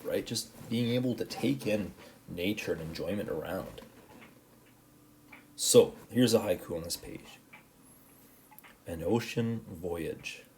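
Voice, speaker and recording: A man with a deep, low voice teaches a recorded class lesson. He explains step by step and keeps checking in with his students. Faint noise sits under the recording. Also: creaky, darkish tone. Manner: explains patiently, checks in with "right?".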